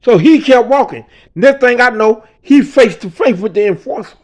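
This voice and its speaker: A man telling a personal story in a quiet, low-key way, often dropping to a mutter and swearing freely. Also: expressive, moderate pace. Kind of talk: personal story told casually.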